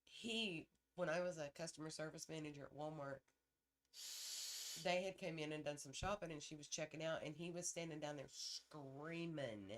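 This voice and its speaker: A middle-aged woman with a somewhat low voice, co-hosting a casual chat. She tells blunt, salty stories and laughs often. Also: fairly even intonation, moderate pace. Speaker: podcast co-host.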